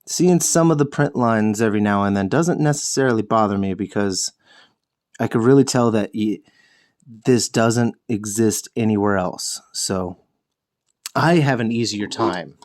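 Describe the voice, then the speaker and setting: A man's voice: lowish voice, measured pace, a little mellow. Rambling, jokey man hosting a painting show. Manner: rambling, self-correcting, jokey with swearing. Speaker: host of a miniature painting show. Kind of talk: casual chat while painting.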